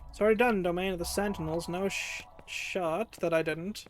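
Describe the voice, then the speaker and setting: A woman's voice: lowish voice, moderate pace, faint music behind. A woman streamer chatting casually while playing a game, thinking aloud and correcting herself as she goes.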